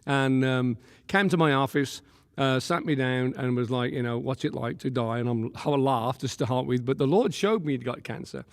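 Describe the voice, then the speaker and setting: Gravelly pastor telling a story. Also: male voice, medium pitch, normal speed. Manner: lively, laughing often, acts out quotes. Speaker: pastor and guest. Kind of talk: animated storytelling. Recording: long room reverb.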